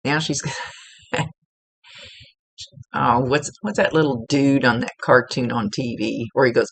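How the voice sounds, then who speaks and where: A woman's voice: extremely low pitch, a little slow, creaky, pauses often, husky, no room sound. A woman working as a psychic medium, giving a casual, rambling reading and often correcting herself mid-sentence. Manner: chatty, rambling, self-correcting.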